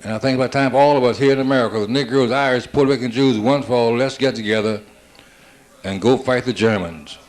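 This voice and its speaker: A man doing a stand-up comedy routine, rattling off one-liners built on quick "I said, she said" exchanges. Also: mid-range voice. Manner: rapid-fire joke telling with "I said, she said" setups.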